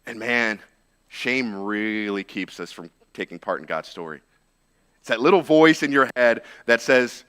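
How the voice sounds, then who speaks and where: A man preaches a relaxed, conversational sermon with a bright, forceful voice. He retells the story informally, with lots of "like" and "right?" tossed in. His pitch sits in the middle for a man. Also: unhurried, smooth. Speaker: pastor.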